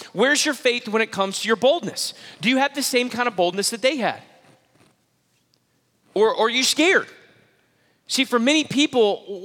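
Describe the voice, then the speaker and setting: Male preacher, high bright voice, emphatic and repetitive, church hall with long reverb. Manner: emphatic, repeats key phrases, quick restarts. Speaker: pastor. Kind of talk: sermon.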